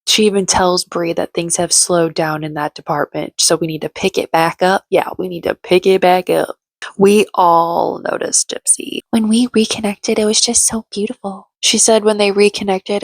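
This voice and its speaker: A woman's voice: fairly low pitch, no echo. Sarcastic gossipy woman, dry close sound. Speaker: reality TV recap vlogger. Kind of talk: casual chatty commentary.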